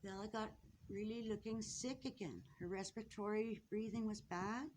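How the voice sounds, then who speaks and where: A woman talks off the cuff while filming her finches at home, her voice halting and tearful, full of sighs, restarts and apologies. Her pitch sits in an ordinary middle range, and a faint hiss runs underneath the home recording. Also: darkish tone. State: tearful, upset. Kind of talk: casual off-the-cuff narration to camera. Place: indoors at home near a birdcage.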